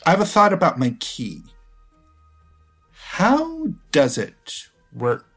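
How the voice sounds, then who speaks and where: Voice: medium pitch, wildly swooping pitch, slow pace, fairly bright tone, slightly rough, soft background music. A player in a tabletop game, talking casually and playfully about their moves.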